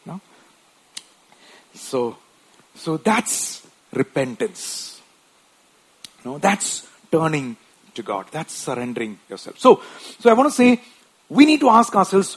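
A man's voice: a little high, sing-song, slow, long pauses, husky. A man preaching a sermon in a conversational way, often tagging his points with short questions and restarting his sentences. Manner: wife mentioned.

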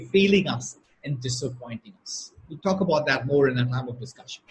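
A man preaching a sermon at a slow, emphatic pace, repeating key phrases for weight. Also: sits high, slight background noise, low-quality recording. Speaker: pastor.

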